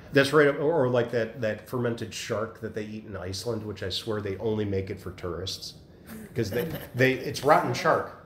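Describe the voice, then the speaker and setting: A man leading a Bible study group, telling animated stories in a casual chat. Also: lowish voice, moderate pace, a little hiss or hum. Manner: chatty, animated storyteller. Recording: echoey room.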